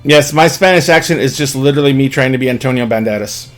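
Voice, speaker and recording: A man's voice: medium pitch, fast, a bit bright, faint music behind. A man hosting a live stream, wrapping up with an upbeat, rambling sign-off full of fillers. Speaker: stream host.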